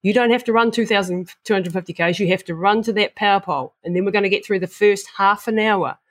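A firm mother, as a woman puts her on, talking her daughter down in steady, step-by-step instructions. It is calm and grounded, with a slightly lifted voice. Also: medium pitch, fast, natural voice.

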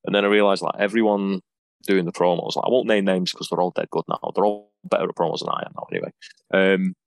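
A man chats loosely as a podcast guest, full of ums and self-deprecating asides. His voice sits very low, and the sound is dry and close. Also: fairly even intonation, fast talker, no room sound. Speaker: wrestler guest. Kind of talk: casual podcast interview.

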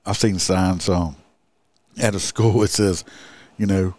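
A man's voice: sits low, fairly even intonation, slow pace, pauses often, darkish tone, no echo. A man, a police officer, chatting casually with a wry tone, laughing through his words. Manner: laughs while talking, wry. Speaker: podcast co-host, police officer. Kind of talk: casual chat.

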